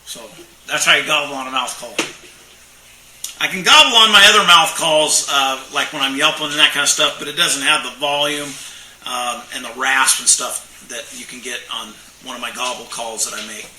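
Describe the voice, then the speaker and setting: A man's voice: medium pitch, fairly even intonation, moderate pace, noisy background. A middle-aged man who makes turkey calls, reading viewer questions aloud and answering in a plainspoken, rambling way with lots of fillers. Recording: echoey room, mic far off.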